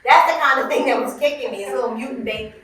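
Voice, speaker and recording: A woman comedian telling a story as a podcast guest, in a punchy, profane, animated way. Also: high-pitched, fast, very echoey, far from the mic, low-quality recording. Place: in-person podcast recording room.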